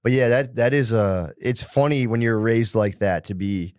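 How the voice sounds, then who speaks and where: A man of middle pitch talks in loose, casual podcast banter. He curses constantly and slips into his own past inner voice to land a point. The sound is dry and close, with no room around it. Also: moderate pace, clean tone, no room sound. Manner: crude, swears freely, voices his own inner thoughts. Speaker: podcast co-host.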